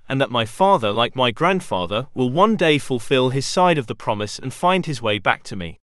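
A man's voice: mid-range voice, animated, moderate pace, a bit bright, dry recording, clean studio sound, natural voice. A man voicing an anxious young animal boy. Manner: anxious, hesitant.

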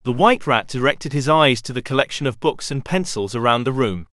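A man reading a children's storybook aloud in an expressive way. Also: mid-range voice, brisk, no echo, clean studio sound. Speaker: narrator. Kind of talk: storybook narration.

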